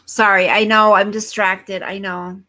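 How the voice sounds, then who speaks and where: Slow-talking woman chatting live. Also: mid-range voice, little pitch movement, bright, forceful tone. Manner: chatty, talks straight to viewers, easily distracted. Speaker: livestream host reading viewer comments. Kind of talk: casual live chat. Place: at home, fireworks outside.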